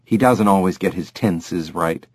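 A man voicing a weary, subdued middle-aged husband who speaks low and quietly. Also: unhurried, breathy edge, no room sound, studio quality. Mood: resigned.

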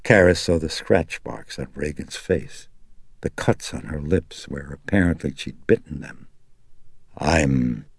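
Male audiobook narrator for horror; extremely low, gravelly, unhurried. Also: no room sound, studio quality.

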